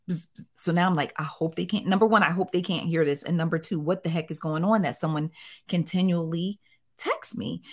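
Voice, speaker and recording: A middle-aged woman telling a story in a casual interview, acting out the quotes in different voices. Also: on the low side. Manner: animated, acts out quotes in voices. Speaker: guest, site owner.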